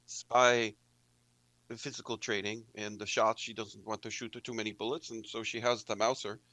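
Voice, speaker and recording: A man's voice: mid-range voice, pushed and bright, no echo. A man playing a tabletop game, describing his character's actions in an eager, rambling way. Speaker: player.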